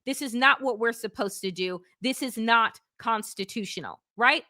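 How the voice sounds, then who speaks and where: A middle-aged woman co-hosting a political podcast, talking fast and heated with blunt, fiery outrage and the odd curse. Her voice is bright and a touch high. The sound is dry and close, with no room around it. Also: no room sound. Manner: blunt, fiery, swears for emphasis. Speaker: podcast co-host.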